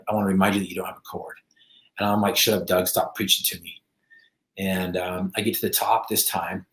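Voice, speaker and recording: A man's voice: on the low side, echoey room. A middle-aged man from the United States, telling his own story as a podcast guest, acting out his quotes, with many fillers. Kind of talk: storytelling in an interview.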